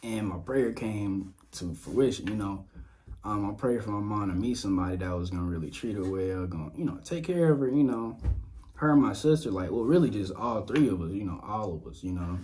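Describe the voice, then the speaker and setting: A young man from Louisiana hosting a podcast, sharing a casual personal testimony, animated and laughing often as he talks straight to his listeners. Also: on the low side, brisk, a little hiss or hum. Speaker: podcast host. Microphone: dynamic mic on boom arm.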